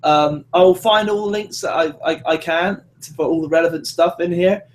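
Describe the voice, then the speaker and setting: A man with a notably high voice hosts a casual podcast. He chats loosely, tripping over repeated words and laughing between remarks. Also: a little fast. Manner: stammering restarts, laughs often. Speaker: podcast host. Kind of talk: casual chat.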